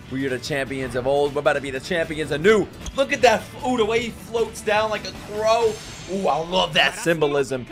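Young man, reaction streamer, excitable, shouts and swears, wide-ranging pitch. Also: moderate pace, soft background music. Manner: excitable, yelling and swearing at big moments. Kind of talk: live reaction commentary. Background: faint anime soundtrack playing.

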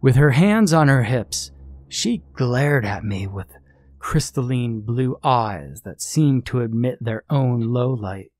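Guy reading a horror story, steady and suspenseful, dry close mic. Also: mid-range voice, slow pace, no echo. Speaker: narrator. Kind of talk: scripted horror story narration.

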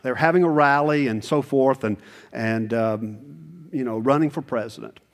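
Man, sixties, pastor, sermon, conversational, animated, long church reverb. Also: moderate pace. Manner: animated, conversational preaching with sudden high bursts. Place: church sanctuary.

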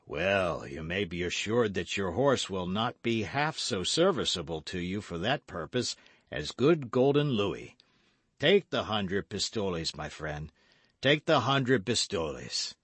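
A man voicing a weary, measured older musketeer patiently persuading a friend in an audiobook. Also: low voice, big pitch swings, a bit bright, breathy edge, no room sound, heavily acted. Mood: persuasive.

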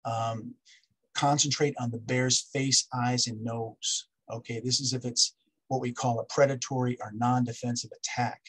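A man's voice: mid-range voice, little pitch movement, normal speed, a bit bright, husky, low-quality recording. A man giving a public wildlife safety lecture, instructive and repetitive, checking in with "okay?" as he lists steps. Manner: instructive, repeats key steps, asks "okay?".

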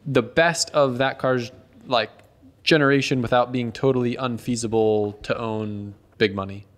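A man who is a guest on a casual podcast. His voice sits at a middle pitch, and he explains his points thoughtfully, hedging and restarting his phrases. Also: steady tone, moderate pace. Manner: thoughtful, hedging, repeats words while explaining. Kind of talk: casual chat.

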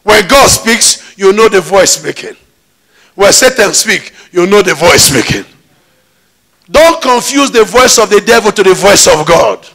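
A man's voice: high voice, expressive, measured pace, fairly bright tone. A man preaching a sermon in a church, emphatic, with call-and-response questions. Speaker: pastor.

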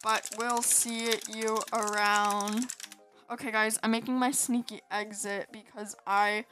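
A woman's voice: fairly high pitch, little pitch movement, slow, over music. A woman chatting casually over her gameplay, rambling and giggly, sleepy from staying up. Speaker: gaming video host.

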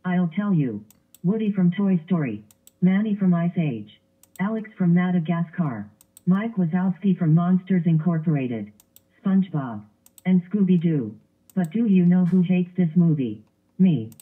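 A man's voice: high-pitched, breathy edge, heavily acted. A male computer voice playing a spiteful green Grinch with a whiny, repetitive ranting manner, over tinny lo-fi sound.

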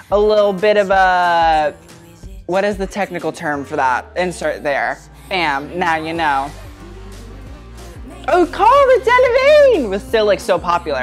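A woman from the UK giving chatty, sassy fashion reaction commentary as a vlogger. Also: medium pitch. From United Kingdom.

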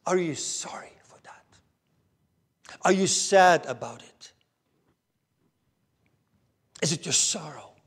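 Slow, earnest preacher man. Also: on the high side, lively intonation, husky. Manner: earnest, swings from raised emphasis to hushed near-whispers. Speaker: pastor. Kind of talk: sermon. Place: church pulpit.

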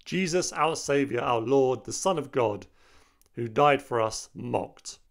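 A man's voice: mid-range voice, unhurried, gravelly. Indignant man hosting a commentary video. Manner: indignant, emphatic. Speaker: host.

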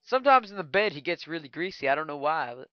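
A man trash-talks his way through a game in loose, crude commentary, breaking into sudden excited yelps. His voice is smooth and clear but sits very close and dry, with a slightly dull, lo-fi sound to the recording. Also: a little high, fast talker, no echo. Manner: crude, joking trash talk with excitable outbursts. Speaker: gaming channel host. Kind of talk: casual gameplay commentary.

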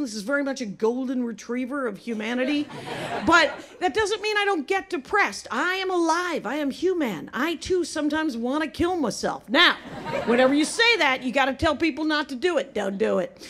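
A middle-aged American woman performing a stand-up routine, telling stories in a dry way and quoting others quickly. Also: high voice, background noise. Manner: dry storytelling, quick quoted asides. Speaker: stand-up comedian. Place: live comedy show with audience. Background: audience laughter.

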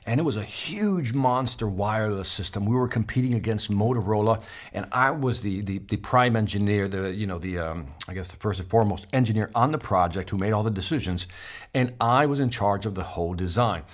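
A middle-aged man tells a personal sales story with plenty of energy, acting out what people said along the way. His voice sits a little low. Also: a little fast. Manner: animated storyteller acting out quotes. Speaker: sales speaker. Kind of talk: storytelling talk.

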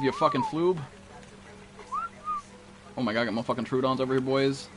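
A young man live-streaming a game, chatting to viewers in a loud, profane way and jumping into high yelps. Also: wildly swooping pitch, moderate pace, pauses often, noisy background. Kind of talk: live-stream chat while gaming.

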